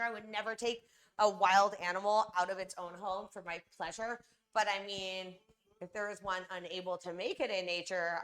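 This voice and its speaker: A woman's voice: medium pitch, pushed and bright. A young woman from California chatting casually and rambling to her viewers on a live stream while she bakes.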